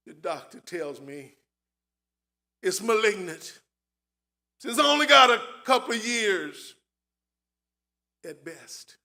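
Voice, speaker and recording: A grieving righteous old man, Job, pours out his losses, as a preacher takes on his voice. The voice is high and bright, rising into loud cries and falling to near-hushed pleading. He speaks slowly, with wide swings in pitch. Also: vocal fry, full character voice. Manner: dramatic first-person lament, swinging from loud to hushed. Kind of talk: dramatic sermon monologue.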